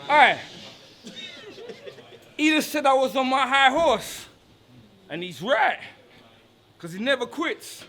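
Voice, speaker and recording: A man performing taunting rap verses at a live battle, shouting his punchlines at an opponent. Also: very high-pitched, lively intonation, slow, pauses often. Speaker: battle rapper.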